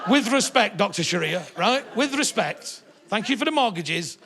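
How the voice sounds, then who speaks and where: A middle-aged northern English stand-up comedian rambling through his set with sardonic, sweary banter. His voice sits high for a man and has a gravelly, fry-laden edge. The delivery is loose and conversational. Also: animated, moderate pace, a crowd in the background. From northern England.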